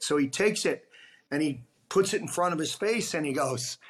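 A man's voice: fairly high pitch, brisk, husky. Middle-aged ex hockey guy on a podcast, cussing a lot, doing everybody's voices in his stories. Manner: profane, animated anecdotes with quoted voices. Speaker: guest, former pro hockey player. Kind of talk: casual podcast storytelling.

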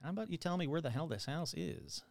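Sarcastic podcast host man, lively voice. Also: fairly high pitch, fast, no echo. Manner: sarcastic, irreverent, reads news aloud with asides. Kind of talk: casual podcast commentary.

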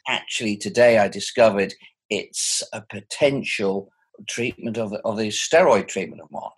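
A man in his sixties with a husky voice, speaking thoughtfully and animatedly from home over a video call. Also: lowish voice, normal speed. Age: 60s. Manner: thoughtful, animated, chuckling often. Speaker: interviewee. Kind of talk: reflective personal conversation.

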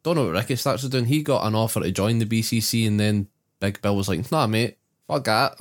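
A Scottish man with a slightly low voice, co-hosting a podcast. He runs through the recaps in loose, sweary banter. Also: fast. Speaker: podcast co-host. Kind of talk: casual chat.

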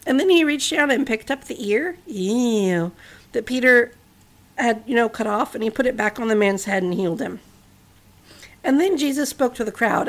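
A woman's voice: fairly high pitch, moderate pace. A woman hosting a podcast, telling a story in a casual narration with chatty asides to the listener.

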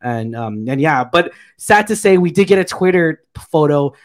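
A man with a slightly raised pitch, talking loosely and eagerly through an episode recap. He rambles, fills gaps with "um" and "you know", and piles on his praise. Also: lively intonation, moderate pace. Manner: rambling, filler-heavy, enthusiastic retelling. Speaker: podcast co-host reviewing a TV episode. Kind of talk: casual review chat.

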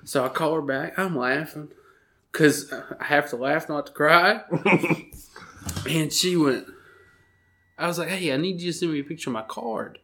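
A man, co-hosting a podcast and telling a story in an animated, laughing way. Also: fairly high pitch, unhurried, long pauses. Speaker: podcast co-host. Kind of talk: casual storytelling chat.

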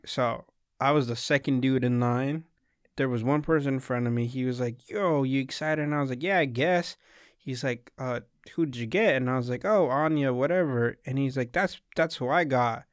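A man's voice: medium pitch, fairly even intonation, moderate pace, no echo, studio quality. A young man casually telling a long rambling story, swearing often and acting out what people said. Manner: rambling storyteller, swears a lot, acts out quotes. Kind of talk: casual chat.

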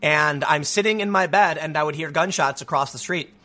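Sarcastic, bright-voiced male commentator. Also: a little high, fairly quick. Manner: sarcastic, rambling, many restarts. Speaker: commentary host. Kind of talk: opinion commentary monologue.

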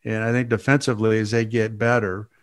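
A former football coach in a casual chat, giving measured, thoughtful analysis. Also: male voice, on the low side, little pitch movement.

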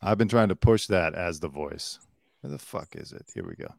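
A lower-pitched man hosts a loose comedy podcast, joking around and swearing freely between topics. His voice sits close and dry on the mic, with almost no room sound around it. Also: wildly swooping pitch, normal speed, creaky, dry recording. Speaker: podcast host. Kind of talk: casual comedic chat. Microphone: desk mic with headphones.

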